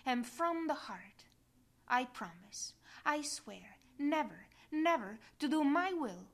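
A woman voicing a devout, fervent soul pleading through tears in a slow devotional reading. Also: high-pitched, lively intonation, exaggerated voice.

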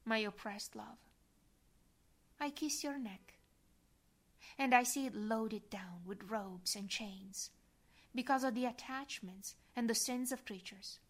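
A woman reads a devotional prayer aloud, her voice sitting a little high. She keeps it soft and reverent, at times sinking to a breathy whisper. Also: slow, long pauses. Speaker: devotional reader.

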